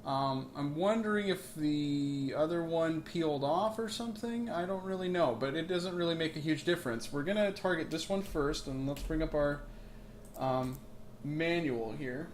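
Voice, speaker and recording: A man's voice: a little high, normal speed, slight background noise. A man hosting a let's play, giving casual gameplay commentary with joking, rambling asides, recorded on a makeshift mic setup.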